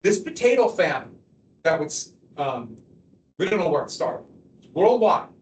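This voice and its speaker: A man teaching a history lecture to a class, animated and quizzing students as he goes. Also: on the high side, a little slow. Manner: animated, asks the class questions. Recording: echoey classroom from far off.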